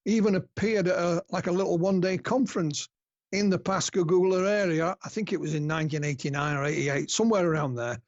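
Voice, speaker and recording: Husky northern English storyteller. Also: male voice, high-pitched, no room sound, dull audio. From north of England. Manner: chatty storyteller, laughs at own anecdotes. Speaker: guest researcher. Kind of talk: casual podcast interview.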